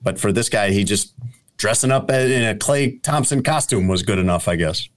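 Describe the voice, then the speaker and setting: A man hosting a casual sports talk show, dry and teasing, often pausing with hesitant uhs as he reads out stories. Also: fairly low pitch. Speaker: show host.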